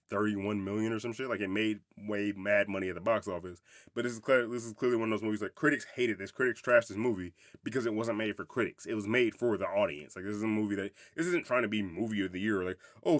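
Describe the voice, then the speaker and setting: A man's voice: lowish voice, a bit bright, no echo, studio quality. A young adult man hosting a podcast, reviewing a movie in casual, rambling, profane chat, often laughing. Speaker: podcast host.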